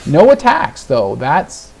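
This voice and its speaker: A man commentating his own card game, ranting in exasperation and swearing, swinging between low muttering and sudden shouts. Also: huge pitch swings, takes it slowly, gravelly, husky. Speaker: gaming video host. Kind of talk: live gameplay commentary.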